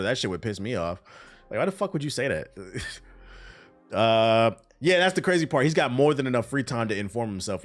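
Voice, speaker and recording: Male streamer host, lively swooping delivery, casual profane rant, faint music behind. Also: fairly low pitch. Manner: animated, profane, exasperated ranting. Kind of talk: casual live-stream reaction commentary.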